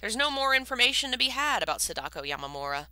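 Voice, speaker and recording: A woman reading a book aloud and voicing a calm, skeptical male colleague on the phone. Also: on the high side, quick pace, dry recording, pitched above the performer's own voice, exaggerated voice. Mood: matter-of-fact. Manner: calm, doubtful.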